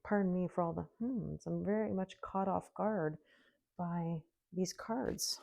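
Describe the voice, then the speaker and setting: A woman's voice: lowish voice, measured pace, gravelly, dark tone, no room sound. A woman doing a solo tarot reading, chatty and giggly, musing aloud with lots of hmms. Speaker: tarot reader.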